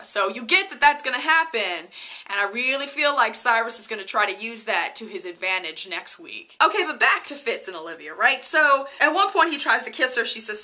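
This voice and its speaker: Woman gushing over a tv episode, higher voice, bright and punchy, keeps saying you guys. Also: animated, moderate pace. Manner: chatty, gushing, often addresses viewers as "you guys". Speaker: TV episode reviewer. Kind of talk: casual recap vlog.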